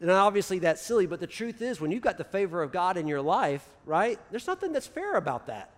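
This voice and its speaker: A man delivers a relaxed sermon at breakneck speed, cramming ideas together and checking in with "right?" His voice sits high for a man. The sound carries the long reverb of a big church hall. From United States. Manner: talks very fast, crams ideas together; casual, peppered with "right?". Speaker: pastor. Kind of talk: conversational sermon.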